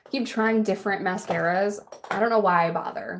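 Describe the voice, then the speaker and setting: A woman's voice: medium pitch, fairly even intonation, a little fast, very noisy. A young adult woman vlogger chatting casually and bluntly while doing her makeup, laughing often and answering a live chat.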